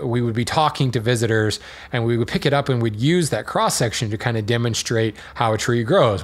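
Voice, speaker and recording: Podcast host guy rambling casually, mid pitch, lots of ums and little laughs. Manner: chatty and digressive, with fillers and small laughs. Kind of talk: casual explanatory monologue.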